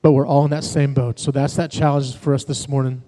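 A man's voice: mid-range voice, flat delivery, fairly quick, dark tone. A man, a pastor and worship leader, preaching a sermon in a conversational way, telling personal stories to his congregation. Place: church sanctuary. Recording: long reverb of a large hall.

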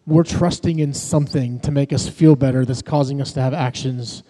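A man's voice: medium pitch, steady tone, moderate pace, few pauses, mellow. A man, a pastor and worship leader, preaching a sermon in a conversational way, telling personal stories to his congregation. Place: church sanctuary. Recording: long reverb of a large hall.

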